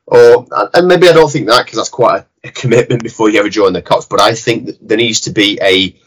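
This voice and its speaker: A man's voice: lowish voice, a little fast, rough recording. A man with a Yorkshire accent, a jiu-jitsu head coach, talking bluntly and animatedly in a casual interview, with some swearing.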